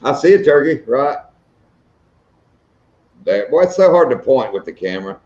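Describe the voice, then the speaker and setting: A man's voice: mid-range voice, very animated, normal speed, warm tone. A man co-hosting a live stream, trading teasing jokes in casual chat. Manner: joking, teasing banter. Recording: echoey, dull lo-fi sound.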